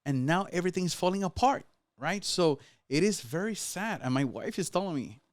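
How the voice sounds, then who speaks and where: A Spanish-speaking man from the Dominican Republic, with a Dominican accent, talks politics as a guest in a casual chat, fervent and urging, tagging his lines with "right?" His voice sits on the high side, animated and at a moderate pace, with no room sound.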